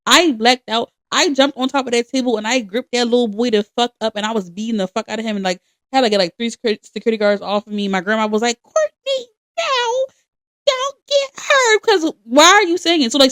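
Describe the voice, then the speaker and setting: A young woman co-hosting a podcast, telling stories with lots of swearing and animation. Her voice sits a little high, and the sound is close and dry. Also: fast talker, few pauses, no echo. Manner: animated, profane storytelling. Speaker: podcast co-host. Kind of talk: casual chat.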